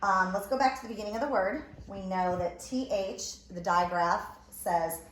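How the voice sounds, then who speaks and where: A woman's voice: medium pitch, steady tone, moderate pace. A woman teacher giving a recorded phonics lesson, sounding out letters and word parts one at a time. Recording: echoey room with faint ambient noise.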